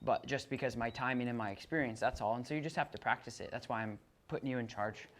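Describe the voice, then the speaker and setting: Woman, dog trainer, very low voice, hands-on coaching, restarts sentences. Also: fast talker, a little hiss or hum.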